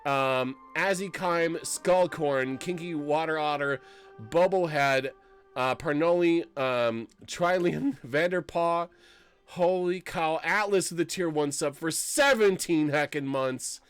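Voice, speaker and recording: Excitable, emotional male streamer. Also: on the high side, slow, clear, resonant tone, no echo, soft background music. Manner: excitable, swinging to tearful and emotional. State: close to tears. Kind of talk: live-streamed gameplay commentary.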